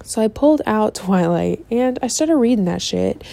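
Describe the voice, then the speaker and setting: A young woman in casual, profane chat, sassy and animated, often slipping into mock voices. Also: fairly high pitch, moderate pace, vocal fry, no echo.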